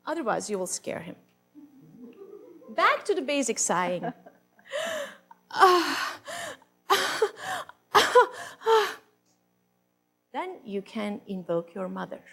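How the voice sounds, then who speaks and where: A woman's voice: medium pitch, very animated, normal speed, creaky, bright, forceful tone, faint music behind, exaggerated voice. A woman on stage playing a brash, worldly woman who coaches other ladies, with theatrical moans and a bossy, instructing manner. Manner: theatrical, swooping moans and sighs. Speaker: stage performer. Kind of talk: live comic monologue reading.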